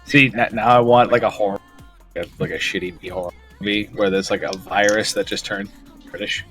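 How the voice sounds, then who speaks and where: A man's voice: lowish voice, steady tone, a little fast, fairly bright tone, soft background music. A man hosting a game stream, chatting casually in a voice call, teasing, swearing freely and laughing often. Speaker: streamer host. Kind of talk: casual voice-chat banter. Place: online voice chat during a game stream.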